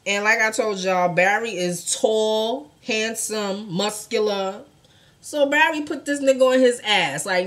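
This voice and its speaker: A young woman telling a true crime story to her viewers in casual, profane speech, acting out the quotes with sudden jumps in loudness. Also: medium pitch, unhurried. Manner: animated, profane, acts out quotes with big swings in loudness.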